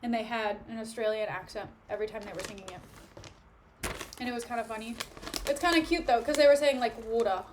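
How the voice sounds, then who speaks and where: A woman's voice: fairly high pitch, fairly quick, background noise. A young woman chatting casually with her live-stream viewers from home, joking and snacking between remarks. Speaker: livestreamer. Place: at home, sitting on the floor.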